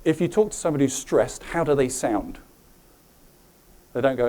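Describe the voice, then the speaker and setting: Lively middle-aged man giving a talk. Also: mid-range voice, normal speed, long pauses. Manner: animated, asks the audience questions. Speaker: presenter at a health talk. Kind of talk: live presentation to an audience.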